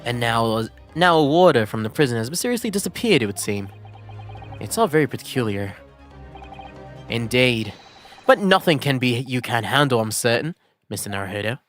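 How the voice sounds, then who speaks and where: A man's voice: lively intonation, normal speed, a bit bright, soft background music, natural voice. A man voicing a pompous, eccentric male detective who speaks in a lofty, theatrical way. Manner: lofty, theatrical, raised pitch. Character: pompous eccentric male detective, vain about his hair.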